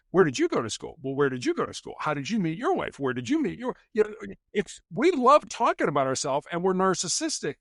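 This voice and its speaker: A middle-aged man talks through stories as a podcast guest, slipping into other people's voices for quoted lines. His voice sits a bit high and moves around a lot in pitch. The sound is dry, with no room to it. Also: dry recording. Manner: animated, acts out quoted dialogue. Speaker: podcast guest, former police officer and hostage negotiator. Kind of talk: conversational storytelling.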